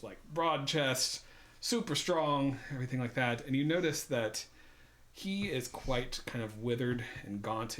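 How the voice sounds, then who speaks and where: A man narrating a tabletop game as dungeon master, rambling with fillers and restarts. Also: mid-range voice.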